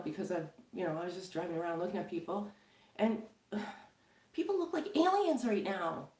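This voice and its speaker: Warm and medium-pitched, this middle-aged tarot reader from Canada talks with her viewers in a loose, spiritual chat. She laughs a lot and fills her speech with fillers, and the room echoes.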